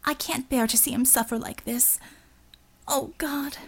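A woman voicing a tender, tearful female healer with a soft, pleading voice. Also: sits high, steady tone, a little slow, husky, pitched above the performer's own voice, full character voice.

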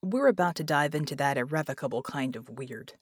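A woman reading an audiobook, voicing a young man who speaks in a hushed, breathy whisper. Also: low-pitched, expressive, fairly quick, dry recording, clean studio sound, pitched below the performer's own voice.

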